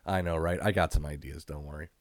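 A man's voice: rumbling low, fairly even intonation, fast, no echo, clean studio sound. A man co-hosting a podcast, recapping old wrestling shows in a laid-back, profane way and laughing often. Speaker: podcast co-host. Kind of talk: casual wrestling recap chat.

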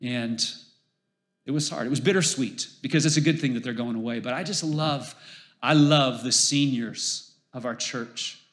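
A man's voice: mid-range voice, moderate pace, a bit bright. A middle-aged man preaching a sermon as pastor, conversational and emphatic, repeating phrases for emphasis.

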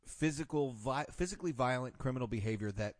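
A man's voice: mid-range voice, fast talker, no echo, studio quality. A man hosting a podcast in casual chat, blunt and profane with strong opinions. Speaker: podcast host.

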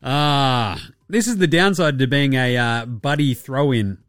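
Speaking a little slowly in a medium-pitched, slightly bright voice, a young Australian man hosts a casual basketball podcast. His commentary is sarcastic and profane, often featuring mocking voices for the people he discusses. Clean studio sound, no echo.

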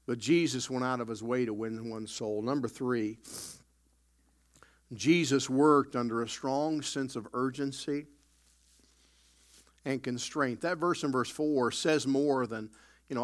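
A man pastor preaching a sermon, emphatic with sudden loud bursts and folksy storytelling asides. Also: mid-range voice, fairly even intonation, normal speed, pauses often.

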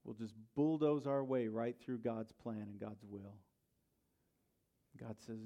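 A middle-aged man preaching a sermon in a church. He tells a personal story in a conversational way, dropping to quiet asides and rising to loud bursts. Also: on the low side, slow pace, pauses often. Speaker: pastor.

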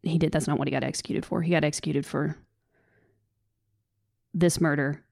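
A woman's voice: deep voice, fairly even intonation, normal speed, gravelly, no room sound, clean studio sound. A woman with a Southern American accent co-hosting a podcast, talking earnestly and off the cuff. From Southern United States. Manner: earnest, loose and off the cuff, soft laughs. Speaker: podcast co-host. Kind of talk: casual podcast discussion. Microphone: studio microphone.

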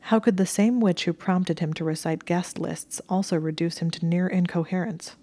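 A woman narrating romance fiction aloud in a soft, intimate, even storytelling manner. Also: lowish voice, normal speed, hardly any pauses, no echo. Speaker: audiobook narrator.

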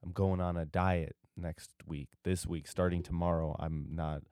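A man's voice: low voice, fairly even intonation, measured pace, dark tone, clear, resonant tone, no echo, clean studio sound. A tired young man rambling loosely through a solo podcast, drifting off topic and losing his train of thought. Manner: drowsy, meandering, loses his train of thought. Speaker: podcast host.

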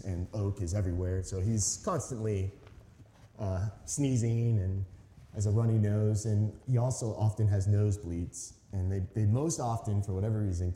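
A man's voice: on the low side, dark tone, slight background noise. A man in his thirties preaching a sermon as a pastor, telling a story in a conversational, earnest way with emphatic stresses. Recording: echoey hall reverb.

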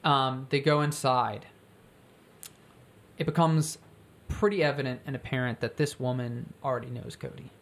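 A co-host pitching a film plot in casual brainstorming chat, rambling and acting out bits of dialogue. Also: moderate pace. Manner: rambling, animated storytelling with acted-out quotes.

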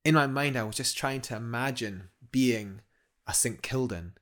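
A man's voice: mid-range voice, moderate pace, fairly bright tone. A man, a guest telling a climbing story in a casual podcast chat, enthusiastic and rambling with many restarts.

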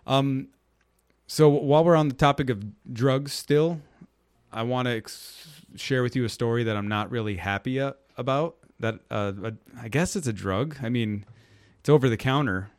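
A young man with a middle-pitched voice talks in a casual, rambling way. He tells a long story with lots of fillers. He acts out the people in it with a raised, goofy voice. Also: normal speed, smooth.

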